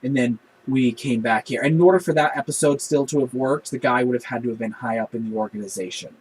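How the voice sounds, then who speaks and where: Passionate husky-voiced man reviewing an episode. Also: medium pitch, fast talker, rough recording. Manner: passionate, animated retelling. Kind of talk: casual spoken review.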